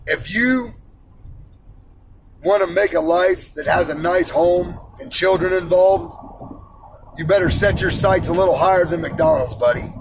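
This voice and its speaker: A man's voice: sits high, a little slow, long pauses, a little hiss or hum, low-quality recording. A man in his forties who works in iron, ranting bluntly and profanely about money and personal responsibility. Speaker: iron worker ranting on camera.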